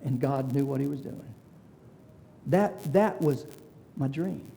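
A man's voice: mid-range voice, slow, vocal fry, mellow, a little hiss or hum. A man, a pastor telling a personal story in a sermon in a folksy way, acting out the voices of the people he quotes. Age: 60s. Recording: long reverb of a large hall.

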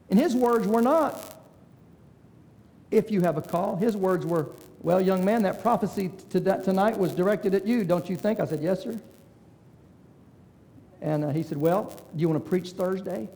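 A man's voice: high voice, creaky, mellow. A man, a pastor telling a personal story in a sermon in a folksy way, acting out the voices of the people he quotes. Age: 60s. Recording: long reverb of a large hall.

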